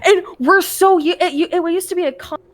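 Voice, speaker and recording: A woman's voice: very high-pitched, fairly quick. A young woman chatting casually on a game stream, telling a long story in a rambling way and swearing often. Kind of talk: casual chat.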